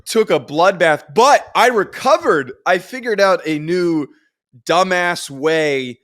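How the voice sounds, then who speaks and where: A young man co-hosts a sports podcast in casual chat, telling rambling, self-deprecating stories and restarting often. His voice sits high and is expressive and a bit bright, with a slow pace.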